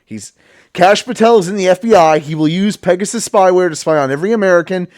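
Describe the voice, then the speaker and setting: A man in his thirties hosts a political live stream, firing off blunt, profane reactions. His voice sits a little high for a man. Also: quick pace, a little mellow. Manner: angry profane ranting. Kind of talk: casual live-stream commentary.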